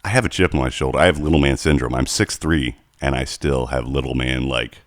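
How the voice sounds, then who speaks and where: A man co-hosting a casual podcast, telling animated stories with plenty of swearing. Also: rumbling low, brisk, no room sound, studio quality. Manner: animated storytelling, heavy swearing. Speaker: podcast co-host.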